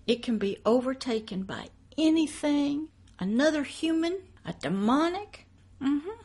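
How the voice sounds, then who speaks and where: A woman pastor preaching a monologue, emphatic, moving between loud declarations and hushed asides. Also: high-pitched.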